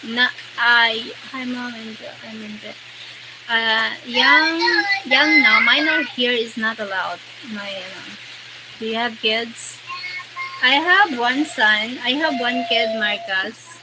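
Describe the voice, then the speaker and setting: Slow-talking Filipino woman live streaming. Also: a little high. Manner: mixes Tagalog and English, greets and thanks viewers by name. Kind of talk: casual live-stream chat, reading out viewer comments. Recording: noisy background.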